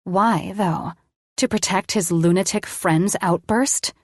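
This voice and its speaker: A woman's voice: medium pitch, takes it slowly, dry recording, studio quality. A woman reading a romance audiobook in first person, with an intimate, confessional tone. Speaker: audiobook narrator.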